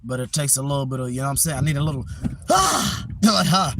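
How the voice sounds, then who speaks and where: A man's voice: mid-range voice, flat delivery, racing, noisy background. Boastful man trash-talking his live chat. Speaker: livestreamer. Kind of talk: casual live-stream chat. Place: outdoors. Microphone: phone on a tripod.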